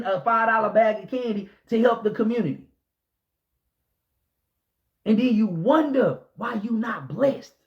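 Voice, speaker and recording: A man, a pastor, delivering an impassioned preaching rant, swinging between shouted lines and low muttered asides, with repetitive, emphatic phrasing. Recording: dull lo-fi recording.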